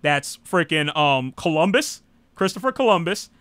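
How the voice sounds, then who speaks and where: Bright high-voiced American man, rambling talk. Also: big pitch swings, normal speed, clear, resonant tone, dry recording. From United States. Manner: rambling, frequent "you know", blunt and irreverent. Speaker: host. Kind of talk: casual live political talk.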